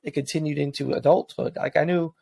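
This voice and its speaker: A joking male podcast co-host trading self-deprecating banter. His fairly high voice carries a gravelly fry. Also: steady tone, brisk, a little mellow, no echo. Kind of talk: casual chat.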